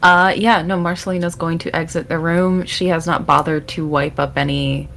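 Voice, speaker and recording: Brief: female player, casual and hesitant, lowish gravelly voice. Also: steady tone, moderate pace, fairly bright tone, slight background noise. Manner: chatty, hesitant, lots of fillers. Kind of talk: casual tabletop role-play.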